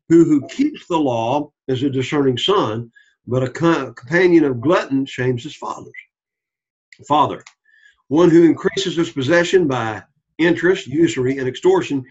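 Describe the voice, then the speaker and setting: Man, Bible study lecture, fairly high pitch, checks in with listeners, muffled lo-fi sound. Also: breathy edge. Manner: repeats key points, checks in with the class. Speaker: Bible teacher.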